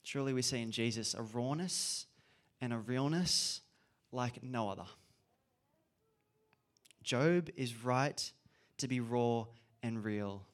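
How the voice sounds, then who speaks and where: A man's voice: mid-range voice, takes it slowly, long pauses. A man giving an earnest, reflective sermon and repeating key phrases for emphasis. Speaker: preacher.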